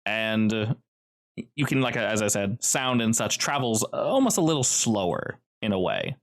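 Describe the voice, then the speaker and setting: A man's voice: lowish voice, normal speed. A man narrating a tabletop role-playing game as game master, loose and descriptive. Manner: descriptive, relaxed, loose phrasing.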